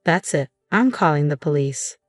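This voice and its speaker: A woman reading the lines of a worried, caring husband in a gentle, reassuring way. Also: sits low, lively intonation, normal speed, dry recording, studio quality, faint music behind. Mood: concerned.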